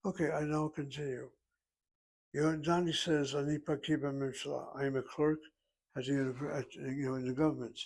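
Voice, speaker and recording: A man's voice: a little high, steady tone, a little fast, a little mellow. A man teaching a Hebrew lesson, reading a dialogue aloud and explaining grammar step by step. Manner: methodical, reads dialogue then explains grammar. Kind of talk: self-paced language lesson.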